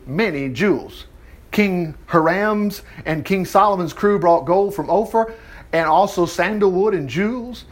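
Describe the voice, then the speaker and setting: Lively, folksy preaching man. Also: sits high. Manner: chatty, jokes and laughs, acts out little dialogues. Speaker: pastor. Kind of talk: folksy sermon with Bible reading.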